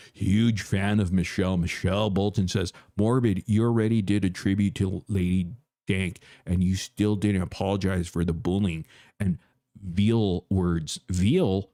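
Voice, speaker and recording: A man hosting a casual live stream, reading viewer comments aloud and teasing one chatter in a playful, crooning way. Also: sits low.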